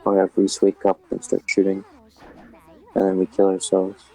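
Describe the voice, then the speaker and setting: Gravelly flat-voiced man reading a scary story. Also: sits low, moderate pace, rough recording. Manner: casual, swears often, flat delivery.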